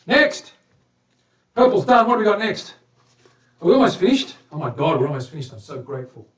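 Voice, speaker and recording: A fairly high-voiced man chatting casually as he works in his workshop. He is upbeat and talkative, jumping from loud, excited remarks to low, half-muttered asides to himself. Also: fairly quick. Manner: chatty and upbeat, talking to viewers and a helper as he works; swings between loud bursts and quiet mumbling to himself. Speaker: guitar builder hosting a livestream. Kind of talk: casual workshop chat while working.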